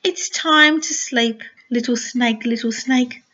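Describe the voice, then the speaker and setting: Older lady reading a bedtime picture book, sing-song and gentle, high and slow, dull lo-fi home recording. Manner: gentle, sing-song storytelling with soft asides. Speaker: grandmother reading aloud. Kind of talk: reading a picture book aloud to a small child.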